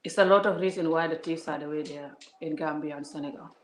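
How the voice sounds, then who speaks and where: A woman's voice: low voice, steady tone, fast talker. Woman, vlogger, heated scolding rant, addresses viewers directly, echoey room. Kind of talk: casual vlog rant to viewers. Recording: roomy echo.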